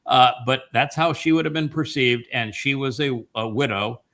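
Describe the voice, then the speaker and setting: A man hosting a family Bible-study talk show, retelling scripture in an impassioned way, with many pauses and fillers. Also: mid-range voice, fairly bright tone. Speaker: host.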